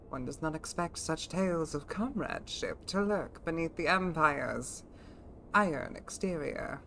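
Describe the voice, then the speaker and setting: Brief: a woman reading a breathy, self-doubting RPG companion, low-pitched and archaic. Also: fairly bright tone. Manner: formal, archaic phrasing. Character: earnest, self-doubting fantasy companion reciting lore. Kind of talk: voicing game dialogue aloud.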